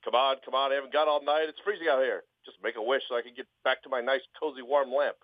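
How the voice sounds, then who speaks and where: A man's voice: mid-range voice, steady tone, fast, no room sound, pitched above the performer's own voice, close to an everyday voice. A cranky, impatient genie , as a man puts him on, brusque and snappish. The voice is tinny and dry, like a phone call.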